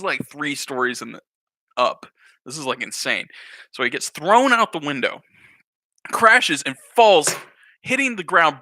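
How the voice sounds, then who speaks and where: Animated male storyteller, bright tone, lively swooping pitch, rambling asides. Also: no echo. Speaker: YouTuber. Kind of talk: casual storytime.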